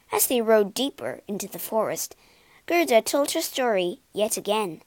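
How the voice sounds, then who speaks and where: A woman reading a storybook aloud in an expressive, unhurried way. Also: medium pitch, dry recording.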